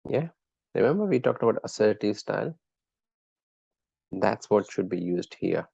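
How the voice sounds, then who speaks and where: A man's voice: on the low side, big pitch swings, normal speed, vocal fry, mellow, slightly rough, dry recording, muffled recording. A man teaching a live online class, chatting with students and quizzing them by name in an encouraging way. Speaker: lecturer.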